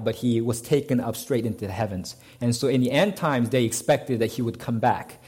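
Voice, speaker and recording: A man preaching to his congregation, in a voice neither high nor low. He explains the passage point by point and stumbles over restarts and fillers as he goes. When he reads the text aloud, he leans hard on its key words. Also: a little mellow. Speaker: pastor. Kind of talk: sermon.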